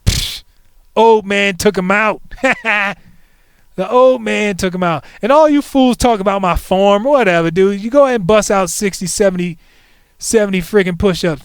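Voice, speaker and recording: High-voiced joking stream host in his forties. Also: smooth, no echo, clean studio sound. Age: 40s. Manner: playful, joking, animated asides to chat. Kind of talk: casual livestream chat.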